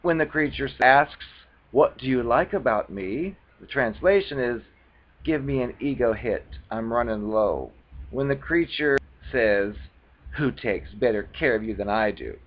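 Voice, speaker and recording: A man's voice: mid-range voice, lively intonation, measured pace, muffled recording. A man reading phrases from a book aloud and mocking them in casual, scornful commentary. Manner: scornful, mocking, loose and conversational. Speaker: video blogger reading from a book.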